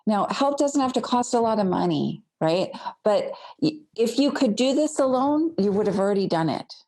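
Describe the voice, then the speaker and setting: A woman's voice: mid-range voice, lively intonation, normal speed, warm tone. A woman accountant, a guest on a podcast, speaking boldly and forthrightly in casual chat. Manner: bold, forthright.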